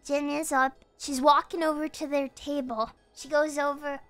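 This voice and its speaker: Woman, high-pitched, casual storytelling, animated, laughing, swearing. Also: moderate pace, faint music behind. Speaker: streamer.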